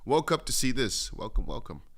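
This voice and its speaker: A man's voice: mid-range voice, big pitch swings, moderate pace, a bit bright. A man hosting a casual crypto livestream, rambling through chart commentary and reading viewer comments aloud. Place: home studio in Dubai.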